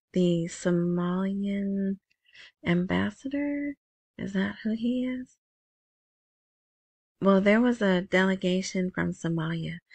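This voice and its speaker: A woman's voice: fairly low pitch, gravelly, a little mellow, no room sound. A woman hosting a currency news show, reading headlines aloud and adding chatty asides. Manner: chatty, reads headlines then comments with asides. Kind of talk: casual commentary reading news articles.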